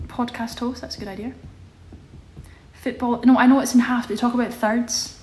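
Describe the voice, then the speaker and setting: A woman's voice: fairly high pitch, steady tone, moderate pace, darkish tone, slight background noise. A young woman chatting casually on a live stream, reading out viewer questions and answering them. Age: young adult. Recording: echoey room with faint ambience.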